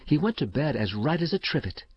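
A man's voice: fairly high pitch, sing-song, brisk, slightly rough, dry recording, pitched above the performer's own voice. A man playing a polite, dutiful governess. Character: obliging household governess, a woman. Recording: slightly dull dry recording.

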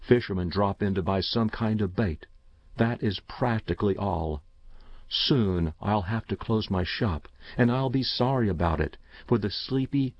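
A man narrating a first-person story in a measured, somber, literary way. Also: on the low side, dry recording. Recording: dull, dry lo-fi recording.

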